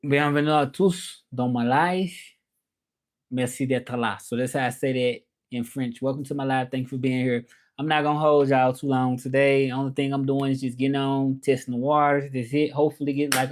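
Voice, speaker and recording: A man's voice: medium pitch, flat delivery, brisk, a little mellow. Laid-back man hosting a livestream. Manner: laid-back, greets viewers, switches into French phrases. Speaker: livestream host. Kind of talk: casual livestream chat.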